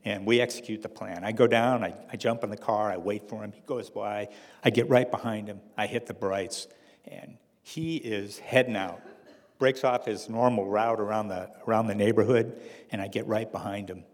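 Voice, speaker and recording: A middle-aged man telling a personal story to an audience in a wry, halting way, with restarts and fillers. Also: fairly low pitch, steady tone, in a large hall.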